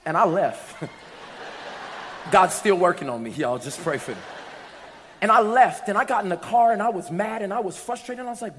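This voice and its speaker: A man with a high voice preaches a sermon in a church. His delivery is animated storytelling that climbs into shouts, and his voice rings with a long reverb in a big sanctuary. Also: fairly quick, pauses often.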